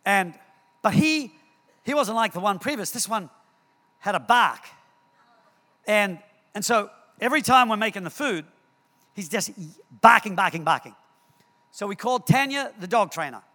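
Bright, crisp and high-pitched, this pastor's voice fills a church hall whose long reverb follows every phrase. He preaches through animated stories, repeating words and acting out the scenes.

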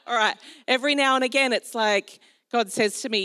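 A middle-aged woman preaching a sermon as pastor, animated, telling stories with acted-out asides. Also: a little high, a little fast, clean tone.

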